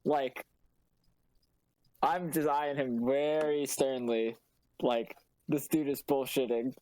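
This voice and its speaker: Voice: medium pitch, steady tone, takes it slowly, warm tone, poor audio. A player in a tabletop game, talking casually and rambling.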